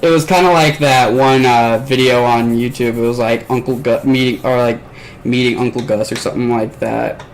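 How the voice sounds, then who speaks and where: A man's voice: medium pitch, fairly even intonation, normal speed, low-quality recording. Man, podcast host, casual chat, rambling story, lots of swearing, faint background hiss. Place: bedroom at home.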